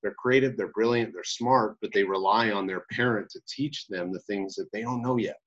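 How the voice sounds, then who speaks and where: Casting: male podcast host, lowish voice, loose rambling chat, slightly muffled sound. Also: normal speed, fairly bright tone. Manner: rambling, lots of fillers like "you know" and "like".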